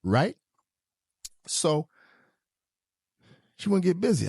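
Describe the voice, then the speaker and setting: A man hosting a podcast, joking through a comedic monologue with sudden leaps into high squeaky tones. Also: big pitch swings, measured pace, long pauses, a little mellow, no echo, clean studio sound. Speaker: podcast host.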